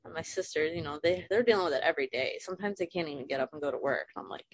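A woman's voice: low-pitched, rapid-fire, a little hiss or hum. A woman in her thirties, a guest speaking frankly and emotionally about loss, swearing casually, on a video call. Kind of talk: candid personal conversation.

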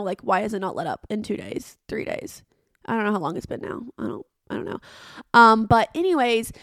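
A woman's voice: medium pitch, no room sound, studio quality. A woman, hosting her podcast in a rambling, self-mocking, dramatic chat. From Arkansas. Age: 20s. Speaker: podcast host. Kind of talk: casual solo podcast chat.

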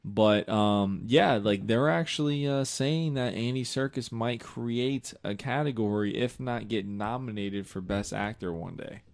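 A man's voice: lowish voice, a little slow, creaky, hardly any pauses. A young man co-hosting a casual movie review chat, eager and enthusiastic, with a slangy way of talking. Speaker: podcast co-host.

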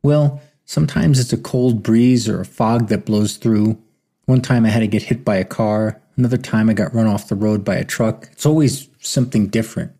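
A man's voice: fairly low pitch, moderate pace, dark tone. A man voicing a big, hot-tempered man in an audiobook, with a blunt, exasperated delivery.

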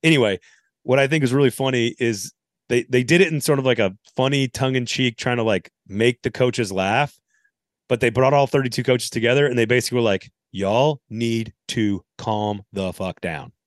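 A man's voice: mid-range voice, brisk, dry recording, studio quality. A man hosting a casual sports podcast, laid-back and wry, with plenty of ums and uhs. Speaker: podcast host.

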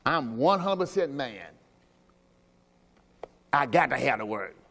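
A man preaching a sermon as pastor. He talks emphatically, asks the congregation questions, and drops into low quiet asides. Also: lively intonation, slow, vocal fry. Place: church sanctuary. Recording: long hall reverb from a church service.

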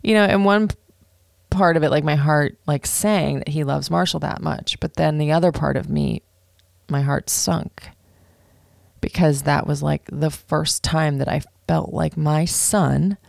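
Gravelly woman in her thirties telling a story. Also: deep voice, unhurried, dry recording, studio quality. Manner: animated, swears freely, fillers like "like". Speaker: vlogger. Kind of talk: storytime monologue.

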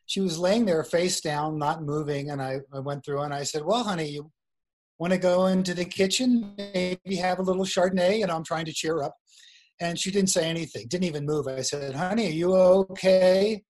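Speaking at a moderate pace in a voice on the high side, a male guest author recounts a story with plenty of laughter and chatter during a video call interview. Weak wifi affects the call audio.

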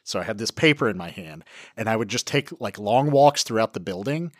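A man co-hosting a podcast, chatting casually and telling animated stories, swearing and laughing often. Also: fairly low pitch, brisk, dry recording, clean studio sound. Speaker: podcast co-host. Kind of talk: casual chat.

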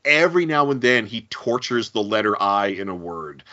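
Bright-voiced man telling a story. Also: fairly low pitch, moderate pace. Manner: lively anecdotal storyteller. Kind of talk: casual podcast chat. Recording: dull lo-fi recording.

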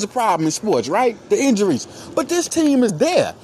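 A man's voice: sits high, huge pitch swings, moderate pace, darkish tone, slight background noise. A man hosting a solo sports podcast, hyping players and repeating himself with lots of slang and "baby". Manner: hype, repetitive, calls listeners "baby". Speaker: podcast host.

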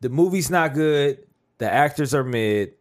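A man's voice: medium pitch, lively intonation, measured pace. Blunt opinionated man chatting. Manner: blunt, opinionated, laughs often. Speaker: podcast host. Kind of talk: casual chat.

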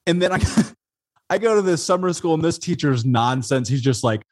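A man from Indiana, an interview guest, telling his life story in a casual, animated way, swearing and calling people "dude" and "man". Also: fairly high pitch, brisk, no room sound. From Indiana, USA.

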